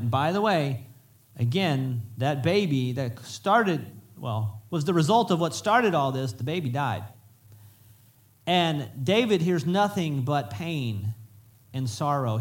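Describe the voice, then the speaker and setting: A man preaching to his congregation in a slightly high voice. He talks in a loose, conversational way, restarts his sentences and swings between lively emphasis and quieter moments. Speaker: pastor. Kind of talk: sermon. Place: church sanctuary.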